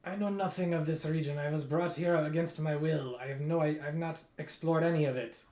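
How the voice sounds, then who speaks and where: A man voicing a weary, starved human prisoner with a Russian accent, talking in a bewildered, halting way. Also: fairly high pitch, steady tone, mellow, pitched above the performer's own voice, lightly acted. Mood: defensive. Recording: roomy echo.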